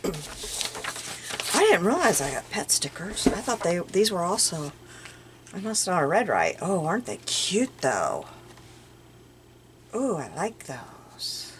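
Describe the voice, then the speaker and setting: An older woman with a low voice that swings up and down as she talks, chatting about her craft finds. She muses aloud and at times drops to a near murmur. Steady background noise runs under the recording. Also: slow, long pauses. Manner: chatty, musing aloud, drifting into soft murmurs. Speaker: crafting vlogger. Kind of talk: casual show-and-tell chat.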